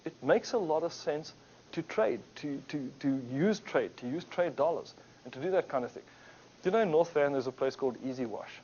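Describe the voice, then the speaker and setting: A man's voice: on the high side, brisk, slight background noise. A man giving an anecdotal business talk to a group, acting out the people in his stories. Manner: animated storyteller, acts out quotes. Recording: dull lo-fi recording.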